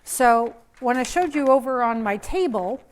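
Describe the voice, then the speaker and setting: Woman, painter, live studio demo, chatty, thinking aloud, a bit high-pitched. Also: expressive, moderate pace.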